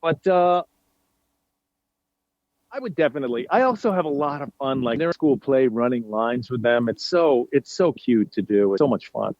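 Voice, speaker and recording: In a dry, lo-fi recording, a mid-range male voice belongs to a New Yorker in his forties chatting casually as a guest. He spins lively anecdotes but stumbles through them, leaning on fillers and starting sentences over.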